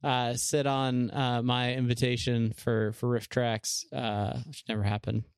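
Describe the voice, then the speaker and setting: A man's voice: medium pitch, level tone, a little slow, smooth, dry recording. A man co-hosting a podcast, chatting casually in a laid-back way with dry asides. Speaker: podcast co-host. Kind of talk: casual chat.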